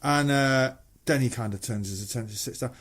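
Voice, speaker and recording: Middle-aged mancunian guy chatting, lively yarns, loads of swearing, does little voices for people in his stories. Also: medium pitch, brisk. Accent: Mancunian English. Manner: swears freely, animated storytelling with quoted voices. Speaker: musician guest. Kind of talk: casual anecdote telling.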